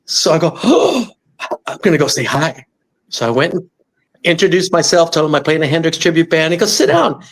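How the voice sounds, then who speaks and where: Animated middle-aged man telling a story. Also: fairly high pitch, brisk. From Los Angeles. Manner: animated, acts out quoted voices. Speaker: musician guest. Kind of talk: storytelling in interview.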